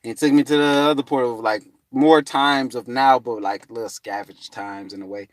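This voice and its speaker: A man telling a rambling spiritual story in a profane, meandering way, full of fillers and sudden high, loud voices for the people he quotes. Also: steady tone, moderate pace, no echo, clean studio sound.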